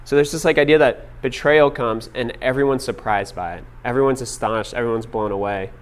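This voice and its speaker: A man's voice: mid-range voice, fairly quick. Casual young man preaching a sermon. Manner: casual storytelling with many fillers. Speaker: pastor.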